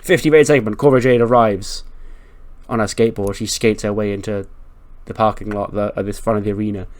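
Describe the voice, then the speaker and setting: A man's voice: lowish voice, fairly even intonation, a little fast. A man hosting a let's-play, narrating a wrestling management game in casual, profane, joking commentary.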